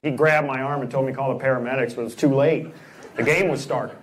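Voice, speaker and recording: A male stand-up comedian telling jokes with quick, matter-of-fact delivery. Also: medium pitch, fairly even intonation. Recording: noisy live recording.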